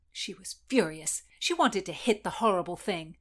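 A woman host reading historical fiction aloud in an expressive storytelling manner. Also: fairly low pitch, moderate pace. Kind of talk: scripted narration of historical fiction.

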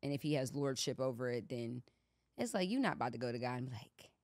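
A woman co-hosting a podcast, talking through faith in a relaxed, thoughtful way, often checking in with "you know what I'm saying". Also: very deep voice, quick pace, no echo, clean studio sound. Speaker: podcast co-host. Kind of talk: casual faith chat.

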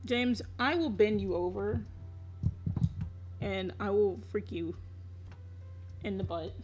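A woman's voice: fairly high pitch, a bit bright, breathy edge. A young woman chatting casually on a live stream while she draws, laughing often, swearing freely and teasing her viewers.

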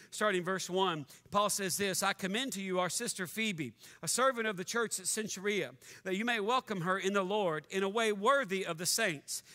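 High, bright-voiced pastor in a reverberant church. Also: male voice. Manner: joking, conversational preaching. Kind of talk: sermon. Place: church sanctuary.

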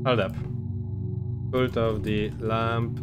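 A man streaming a game, chatting casually and excitably, reading chat and game text aloud. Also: on the low side, takes it slowly. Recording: game music playing under the voice.

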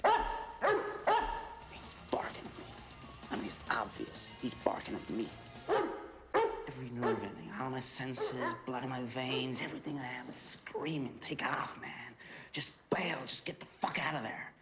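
An actor playing an edgy young man telling a profane, animated drug-deal story. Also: mid-range voice, unhurried, long pauses. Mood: tense. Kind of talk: film dialogue. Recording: dull film audio with music underneath.

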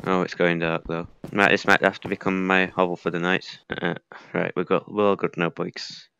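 A man's voice: sits low, flat delivery, moderate pace, creaky, bright, forceful tone, lo-fi sound, a little hiss or hum. A young man casually commenting while playing a survival game, muttering to himself with mild swearing. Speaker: gaming video creator. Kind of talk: casual let's-play commentary.

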